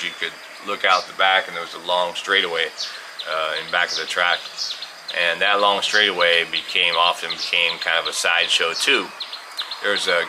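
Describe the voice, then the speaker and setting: A middle-aged man from California telling a rambling story in a casual way, with many fillers and restarts and the odd chuckle. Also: low-pitched. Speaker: vlogger telling stories. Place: outdoors on a farm. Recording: outdoor insect and bird noise. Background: birds and crickets.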